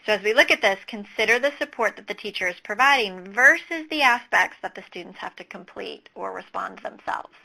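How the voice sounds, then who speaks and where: A woman talks through a teaching webinar with a gravelly edge to her voice. Her tone is bright and a little tense. She explains each lesson step methodically, pausing on an occasional "um.". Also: mid-range voice, lively intonation, poor audio. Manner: walks through teaching steps methodically, with fillers. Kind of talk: explanatory webinar talk over slides.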